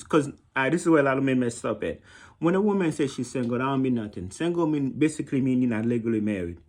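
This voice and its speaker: A man's voice: medium pitch, darkish tone. Man, Haitian accent, blunt, mocking, repeats himself, casual monologue. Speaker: vlogger giving dating advice.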